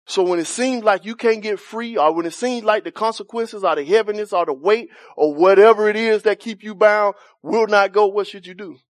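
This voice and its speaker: High-voiced preacher, dry close sound. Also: male voice, normal speed, hardly any pauses, no echo. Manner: call-and-response with congregation, laughing, questioning; folksy Southern Black church vernacular. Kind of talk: sermon.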